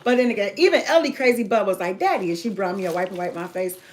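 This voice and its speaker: A woman's voice: mid-range voice, animated, fast. A woman talking to viewers in a casual chat, telling a long personal story in emphatic run-on sentences.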